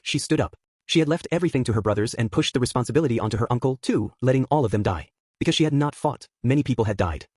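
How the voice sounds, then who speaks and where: Guy reading a novel out loud, fast, kinda husky, dry close sound. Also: medium pitch, no room sound. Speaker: narrator. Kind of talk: audiobook narration.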